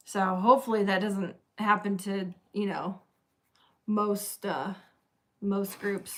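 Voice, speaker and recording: Slow-talking, laughing woman host. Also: medium pitch, steady tone. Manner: laughs often, unhurried. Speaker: co-host of a rockhound livestream. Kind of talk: casual livestream chat.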